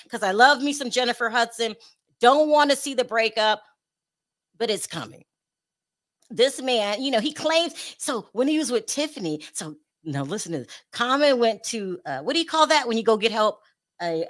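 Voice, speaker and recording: Blunt, animated woman gossip host. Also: fairly high pitch. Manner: blunt and animated, addresses celebrities directly. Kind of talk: casual commentary to camera.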